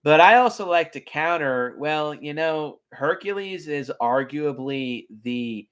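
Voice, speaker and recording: A man casually reviewing his favorite animated films, chatty and enthusiastic, with frequent ums. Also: on the high side, a little slow, smooth. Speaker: film reviewer. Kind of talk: casual video commentary.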